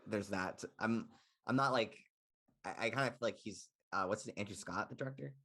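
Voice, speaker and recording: A man's voice: on the low side, moderate pace, bright, forceful tone. A young man co-hosting a casual film podcast, rambling with lots of "like" fillers. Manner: rambling, heavy use of "like" fillers. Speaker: podcast co-host.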